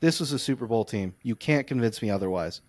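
Here a young podcast co-host talks fast in a medium pitch, recorded dry. Chatting casually, he tells a lengthy funny story and goes off on animated rants.

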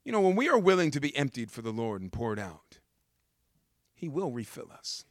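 A man's voice: medium pitch, very animated, moderate pace, no echo, studio quality. A man preaching a sermon, telling the story with humor and repeating words for emphasis.

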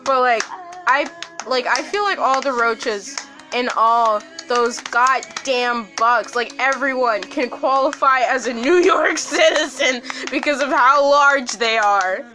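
Bright, giggly young woman host. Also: high-pitched, takes it slowly, soft background music. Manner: loud, laughing, swears often. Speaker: podcast host. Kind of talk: casual chat.

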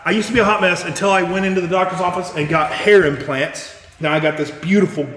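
A man's voice: high voice, steady tone, fast, fairly bright tone. A man doing a joking impression of a boastful presidential candidate during a party game, brash and self-satisfied. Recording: echoey reverberant room, faint noise.

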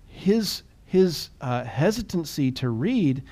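A man co-hosting a podcast in casual chat, quick and animated, often restarting and repeating words. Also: a little high. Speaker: podcast co-host.

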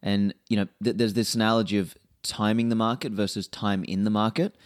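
Blunt, swearing man, low voice. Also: a little fast. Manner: blunt, profane, animated. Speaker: guest. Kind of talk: casual interview.

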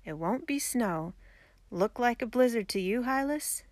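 A proud frontier man drawls his words and pushes back hard, as a woman reads him. He turns loud and forceful, and the voice sounds dry and close. It comes from a storybook reading. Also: a little high, animated, a little slow, dry recording, voice pushed up. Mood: drawling.

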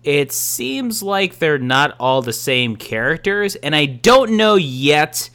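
Bright, clear-voiced man. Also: a little high, very animated. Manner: enthusiastic, halting with ums and restarts. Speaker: podcast co-host. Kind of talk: casual chat.

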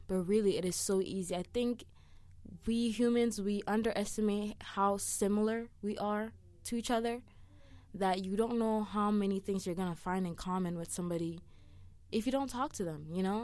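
A young woman talks straight to the camera in a loose, rambling way, laughing often and drifting off topic before pulling herself back. Her voice sits at an ordinary middle pitch. The sound is dry and close, with no room around it. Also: darkish tone, no echo. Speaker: vlogger giving advice. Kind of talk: casual talk to camera.

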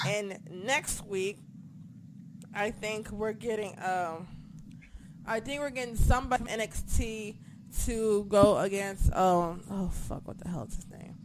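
Excitable swearing woman reviewing wrestling. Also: medium pitch, a little slow, noisy background. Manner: excitable, swears a lot, loses track of names. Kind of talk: casual chat.

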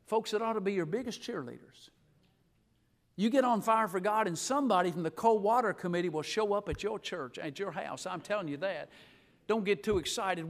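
A middle-aged man preaching a live revival sermon in a church, swinging from hushed asides to shouting, with folksy humor. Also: high-pitched, a little fast. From Alabama. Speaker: guest pastor. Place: church sanctuary.

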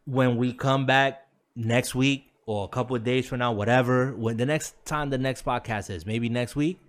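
A man's voice: mid-range voice, steady tone, moderate pace. A man co-hosting a gaming podcast, chatting casually and repeating words for emphasis. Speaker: podcast co-host. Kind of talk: casual chat.

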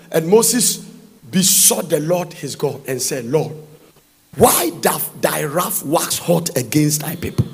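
A man preaching a sermon, reading Bible verses aloud and breaking into fervent, sing-song shouts. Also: high-pitched, gravelly, breathy edge.

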